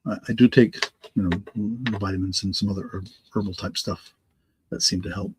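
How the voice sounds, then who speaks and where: A middle-aged man hosting a live online auction, congested from allergies and slightly raspy, rambling and correcting himself as he answers viewers by name. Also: on the low side, fairly even intonation, moderate pace, background noise. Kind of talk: live-stream auction chat.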